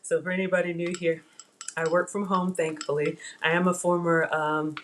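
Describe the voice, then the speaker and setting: Middle-aged woman host, slightly low-pitched, talks casually to her stream audience while cooking at home. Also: flat delivery, normal speed, a little hiss or hum. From Africa. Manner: chatty, addresses viewers as y'all. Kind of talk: live cooking stream chat. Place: home kitchen.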